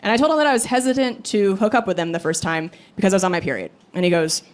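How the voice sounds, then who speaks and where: A woman in her thirties doing a stand-up comedy set, telling stories quickly with chuckles. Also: medium pitch. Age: 30s. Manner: fast animated storytelling with chuckles. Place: comedy club stage. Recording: live club with audience and room noise.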